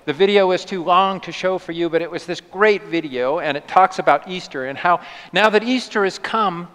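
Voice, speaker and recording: A man preaching a sermon as a pastor, telling the story in a lively, playful way. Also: high voice, normal speed. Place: church sanctuary. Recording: long church reverb.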